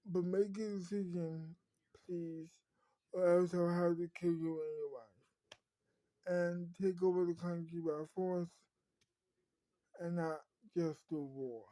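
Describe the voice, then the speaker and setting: A woman voicing a male hostage-taker who makes cool, polite threats in a slow, dry, mellow voice. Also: fairly low pitch, fairly even intonation, no room sound, low-quality recording.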